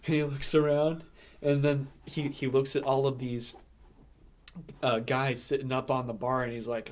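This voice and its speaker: A man's voice: mid-range voice, level tone, a little slow. Rambling male podcast co-host. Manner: rambling, filler-heavy, laughs often. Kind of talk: casual movie recap chat.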